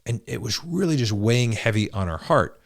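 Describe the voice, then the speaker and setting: A man's voice: mid-range voice, lively intonation, fairly quick, vocal fry, no echo, clean studio sound. A man co-hosting a marriage podcast, explaining in an earnest casual way, often restarting his sentences. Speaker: podcast co-host, husband. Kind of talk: casual chat.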